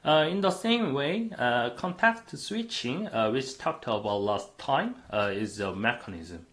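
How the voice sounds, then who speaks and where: A man's voice: medium pitch, animated, unhurried, fairly bright tone. A man lecturing a university class on computing, explaining step by step with frequent "uh" fillers.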